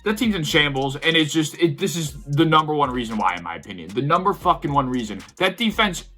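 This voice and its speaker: A man's voice: on the high side, animated, brisk, bright, forceful tone, soft background music. A young man giving a heated, profane sports rant, repeatedly exasperated as he talks. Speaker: sports video host. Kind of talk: ranting sports commentary.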